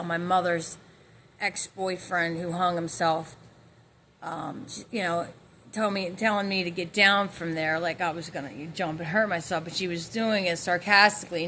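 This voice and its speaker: A woman speaks in a rambling personal account, circling back with fillers and restarts. Her voice has a sharp, tense brightness, and her pitch sits mid-range for a woman. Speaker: vlogger telling her own story.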